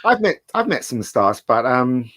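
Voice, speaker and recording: A man's voice: medium pitch, sing-song, a little slow, fairly bright tone, no room sound. Middle-aged man, rambling storyteller, dry close sound. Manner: rambling anecdotes with restarts. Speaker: guest. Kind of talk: casual chat.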